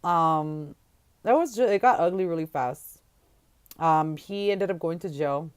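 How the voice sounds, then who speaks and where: A woman telling her own past in candid, halting testimony with many fillers and restarts, her voice rising and growing louder when she quotes others. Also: low voice, clear, resonant tone. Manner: voice climbs and gets louder when quoting others.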